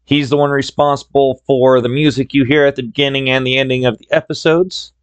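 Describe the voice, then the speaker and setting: A man with a drawl tells stories on his own podcast in a relaxed, chatty way. His voice sits at a middle pitch, and the recording is close and dry. He sounds conversational and easygoing. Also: a little fast, clean tone, no echo. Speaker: podcast host. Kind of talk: solo storytelling podcast.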